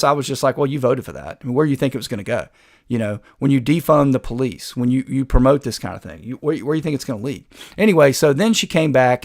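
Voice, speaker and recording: A man's voice: medium pitch, vocal fry. A man hosting a political commentary show, talking in a sarcastic, combative way. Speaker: host.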